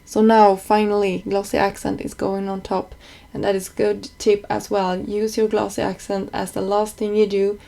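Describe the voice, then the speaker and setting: A woman's voice: medium pitch, little pitch movement, normal speed, creaky, mellow. A woman narrating a card-making tutorial as a voice-over, explaining each step plainly with small slips.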